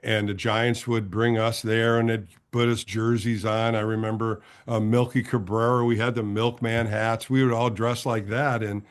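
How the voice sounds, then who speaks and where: A man in his sixties, a former ballplayer turned broadcaster, tells stories as a guest in a casual interview, acting out the voices of the people he quotes. He speaks in a fairly low voice at a moderate pace with few pauses.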